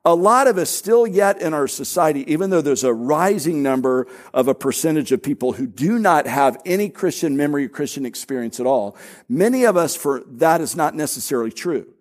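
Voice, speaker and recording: Chatty middle-aged male pastor, slightly high. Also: lively intonation, fairly quick. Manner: chatty, storytelling with self-deprecating humor. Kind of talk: conversational sermon.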